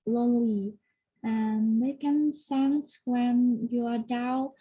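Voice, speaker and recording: Brief: female language student, hesitant, slow, husky, dull lo-fi recording. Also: a little high. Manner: hesitant, many fillers. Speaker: English learner. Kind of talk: spoken exam practice answer. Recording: dull lo-fi audio.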